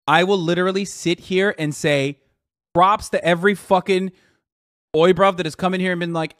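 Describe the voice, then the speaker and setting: A man hosting a live stream, giving excitable, profane reaction commentary. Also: high-pitched, normal speed, no echo, studio quality.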